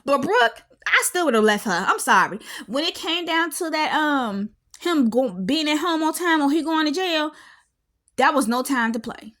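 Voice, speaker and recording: Animated, outspoken woman vlogger. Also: sits high, normal speed. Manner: animated and outspoken, with frequent laughs and exclamations; loud at times. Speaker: reality TV reviewer. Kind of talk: casual reaction commentary.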